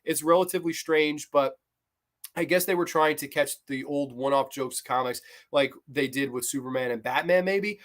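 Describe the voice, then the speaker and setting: A man's voice: fairly high pitch, moderate pace, a bit bright. A man hosting a casual show where he ranks cartoon episodes, talking in a rambling, enthusiastic way and quoting scenes. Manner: rambling, enthusiastic, quotes scenes in loose voices. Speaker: host of a cartoon review show. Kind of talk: casual episode ranking commentary.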